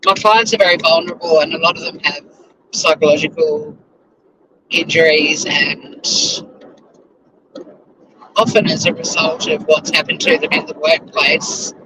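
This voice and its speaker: A man's voice: a little high, steady tone, measured pace, pauses often. Chatty Australian man driving to work. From Tasmania, Australia. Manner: chatty and rambling, with frequent fillers and restarts. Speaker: YouTuber reacting live while driving to work. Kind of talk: casual live-stream chat. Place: in a car on the drive to work. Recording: faint car road noise.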